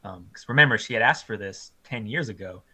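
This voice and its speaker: A man co-hosting a casual film review chat, animated and full of ums and likes, often laughing as he retells scenes. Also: fairly low pitch, a little fast.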